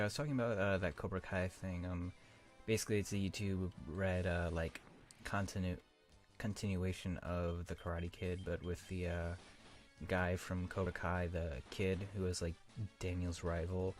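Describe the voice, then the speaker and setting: A man's voice: deep voice, little pitch movement, moderate pace, soft background music. A young man hosting a let's play, chatting casually and rambling with lots of fillers and self-mocking asides. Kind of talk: casual gameplay commentary.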